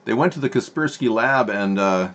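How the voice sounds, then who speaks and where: A man's voice: on the low side, expressive, normal speed, a bit bright, lo-fi sound. A man hosting a political live stream from home, rambling with sarcastic asides and answering chat.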